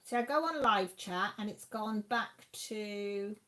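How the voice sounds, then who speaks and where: A woman's voice: mid-range voice, takes it slowly, pushed and bright. A woman chatting casually at home while hosting a craft live stream, reading comments and exclaiming aloud. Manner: chatty, exclaiming, talks to the chat. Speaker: craft channel host reading live chat.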